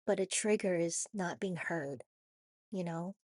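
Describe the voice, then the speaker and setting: A woman with a raspy voice from a cold, talking haltingly in a personal confessional vlog with many restarts and "you know"s. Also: fairly low pitch, a little mellow, dry recording, studio quality. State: hoarse from a cold. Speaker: vlogger.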